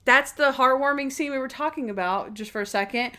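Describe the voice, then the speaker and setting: A young woman co-hosting a podcast, casually retelling TV scenes with quick acted-out quotes and frequent laughter. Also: high-pitched, sharp tone. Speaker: podcast co-host. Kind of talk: casual chat.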